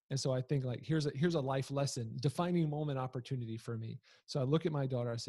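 A man's voice: mid-range voice, steady tone, normal speed, mellow, no room sound. A man in his thirties telling a humorous personal story about his family in a casual, conversational way. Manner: conversational, frequent fillers and restarts, humorous. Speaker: storyteller, father.

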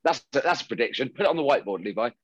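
A man's voice: medium pitch, expressive, rapid-fire, breathy edge, dry recording, lo-fi sound. A man co-hosting a casual podcast, chatty and opinionated, laughing often. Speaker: podcast co-host.

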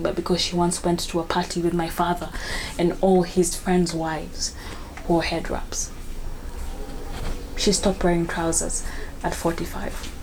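A woman performing spoken word poetry in a measured, hushed and steady way. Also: on the low side, a little hiss or hum, low-quality recording.

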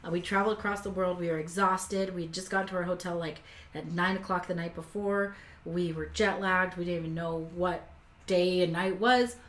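A woman telling a personal story in a casual conversation, talkative and emotional, with many fillers and restarts. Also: lowish voice. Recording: echoey room with faint background noise. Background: faint kitchen sounds.

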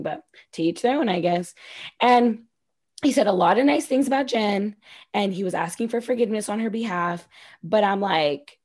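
A woman's voice: medium pitch, moderate pace. A woman co-hosting a podcast, chatting casually and bluntly with lots of swearing while recapping a reality show. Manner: blunt, profane, animated retellings. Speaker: podcast co-host.

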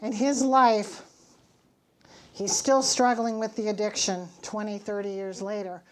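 A woman's voice: mid-range voice, steady tone, unhurried, slight background noise. A middle-aged woman giving an earnest church testimony, teaching from scripture and telling her story with emphatic, acted-out dialogue.

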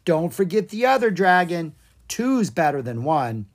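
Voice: mid-range voice, very animated, a little slow, pitched above the performer's own voice. A reader voicing a bold, scheming young girl dragon who talks confidently and bossily, in a children's storybook reading. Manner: confident, bossy, cheerful.

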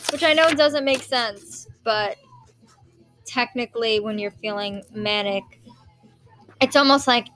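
A young woman with a high, light voice rambles through her own solo podcast, hopping from one thought to the next and swearing without a second thought. Faint music plays quietly in the background. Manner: rambling, scattered, jumps between topics, swears casually. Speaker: podcast host. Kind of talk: casual solo podcast chat. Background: faint music playing.

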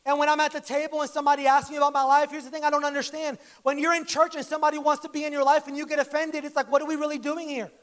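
A man's voice: very high voice, flat delivery, rapid-fire, few pauses, a bit bright. A man preaching a sermon to his church in a conversational, joking way, acting out little quoted lines. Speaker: pastor. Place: church service.

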